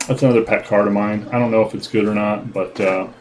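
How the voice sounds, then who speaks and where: A man giving relaxed, casual commentary over his card game play, with frequent ums and uhs and a self-deprecating tone. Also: on the low side, quick pace, a little hiss or hum, poor audio. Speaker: gaming video host.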